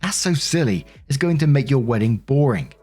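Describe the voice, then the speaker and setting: A man's voice: medium pitch, lively intonation, moderate pace, a little mellow, faint music behind, pitched above the performer's own voice, natural voice. A man voicing a self-pitying, defensive middle-aged mother who complains in a whiny, indignant, sarcastic way.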